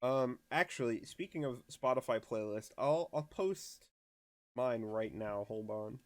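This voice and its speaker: A man's voice: medium pitch, unhurried, no echo. A man co-hosting a casual music podcast, playful, laughing mid-sentence and repeating words. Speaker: podcast co-host. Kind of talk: casual chat.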